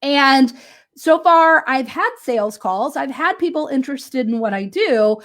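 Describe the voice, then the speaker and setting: In a relaxed motivational talk, a female business coach shares a story about a client, staying animated, laughing frequently, and asking "right?" to check in. She speaks in a high voice, a little slowly.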